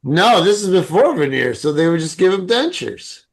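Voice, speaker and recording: A man's voice: high voice, sing-song, moderate pace, creaky, breathy edge. A man co-hosting a casual podcast, telling jokey anecdotes with plenty of swearing. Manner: profane, joking anecdotes. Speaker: podcast co-host.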